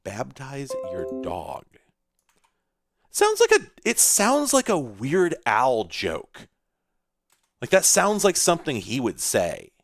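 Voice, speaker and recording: With a voice on the high side that swings hugely in pitch, this man talks slowly while faint music plays behind him. He's hosting a retro computing video, rambling profanely and casually over an old computer game and breaking into sudden outbursts.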